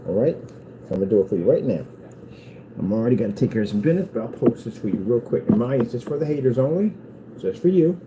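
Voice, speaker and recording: Expressive and fast, this man's mid-range voice carries over background noise as he vlogs from his workshop about his small business. He rambles casually, taunting critics and mocking haters with a sing-song delivery.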